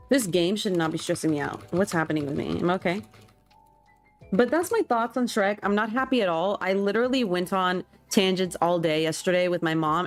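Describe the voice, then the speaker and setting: A young woman streamer chatting casually and animatedly while she plays a game, full of slang and exclamations. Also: fairly low pitch. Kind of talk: casual chat while gaming.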